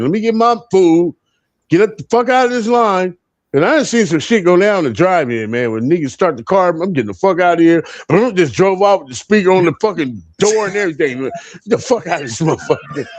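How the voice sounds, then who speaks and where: Co-hosting a live panel, a man in his fifties tells profane stories and laughs as he goes. His voice sits high, and there's no room sound.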